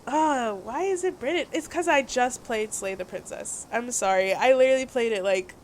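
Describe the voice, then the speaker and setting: A young woman casually commenting and reading game text aloud, giggly and animated. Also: fairly high pitch, moderate pace, a little hiss or hum. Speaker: gaming channel host. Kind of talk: let's play commentary.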